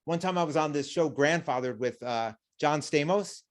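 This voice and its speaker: A man hosting a podcast, telling lively anecdotes in casual chat. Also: on the high side, moderate pace. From United States. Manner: chatty storyteller, lively anecdotes. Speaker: podcast host.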